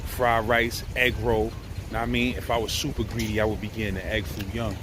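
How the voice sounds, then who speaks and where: A man's voice: on the low side, level tone, a little fast, background noise. A middle-aged man with a New York accent, talking in a loose, slangy way as he vlogs about food on a city street. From Brooklyn, New York. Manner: streetwise slang, tags every line with "you heard?". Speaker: food vlogger. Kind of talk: casual food vlog.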